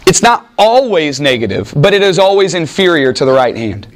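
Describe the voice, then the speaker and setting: A man's voice: a little high, sing-song, normal speed. A man preaching a sermon in a conversational way, reading scripture aloud and acting out the voices in it. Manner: conversational, acts out voices in Bible stories. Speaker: pastor.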